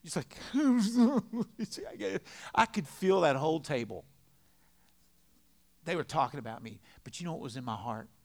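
A middle-aged man preaching a sermon in a conversational, storytelling way, swinging between loud and quiet. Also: mid-range voice, expressive, fairly quick, long pauses. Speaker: pastor.

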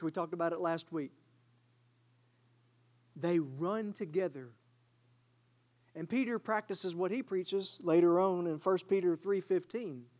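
A man preaching a sermon, reading scripture aloud with dramatic swings from loud declaiming to quiet asides. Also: high-pitched. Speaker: pastor.

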